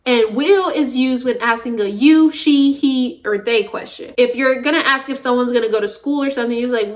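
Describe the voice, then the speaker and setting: A young woman from the American South talks in a loose, chatty vlog monologue. Her voice sits high, and she rambles from one topic to the next with frequent laughs. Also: expressive, unhurried. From Southern United States. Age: young adult. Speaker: vlogger.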